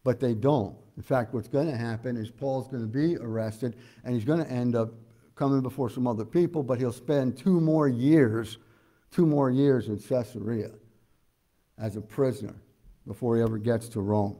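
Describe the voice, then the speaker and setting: Man, pastor, verse-by-verse sermon, mellow tone, conversational, frequent uh fillers. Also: mid-range voice, normal speed. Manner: explains scripture verse by verse, asking the congregation questions. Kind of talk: expository sermon.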